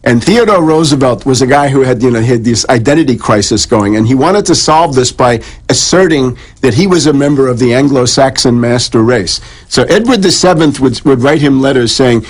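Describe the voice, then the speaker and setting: Husky man lecturing as a radio guest. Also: medium pitch, lively intonation, brisk, hardly any pauses. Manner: discursive, many restarts and repeated words. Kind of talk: radio interview, lecturing on history.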